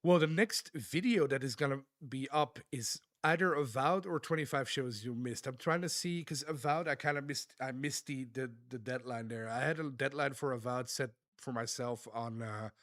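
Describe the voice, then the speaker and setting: A man live-streaming, reading chat aloud and thanking viewers in a relaxed, laughing manner. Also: medium pitch, normal speed, hardly any pauses, dry recording, studio quality. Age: adult.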